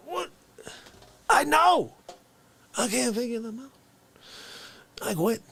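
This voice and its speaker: Ranting man, shouting then whispering. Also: extremely high pitch, big pitch swings, slow pace, gravelly, long pauses. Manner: swings between shouting and hushed whispers. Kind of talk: comedic rant.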